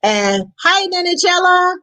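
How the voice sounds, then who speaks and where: Slow-talking woman reading out comments. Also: extremely high pitch, very animated, pushed and bright, low-quality recording. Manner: reads names haltingly, apologetic. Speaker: host reading viewer comments. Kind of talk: casual live-stream chat.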